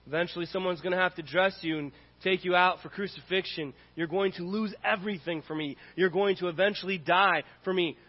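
Earnest high-voiced man preaching. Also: fairly even intonation, brisk, few pauses. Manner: earnest, repetitive preaching cadence. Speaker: pastor. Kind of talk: sermon. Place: church sanctuary. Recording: dull audio in a reverberant hall.

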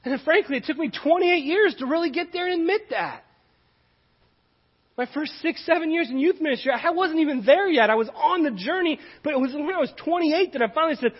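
A man's voice: very high voice, fast talker, in a large hall, dull audio. A man preaching a sermon as a pastor, telling stories earnestly and acting out dialogue.

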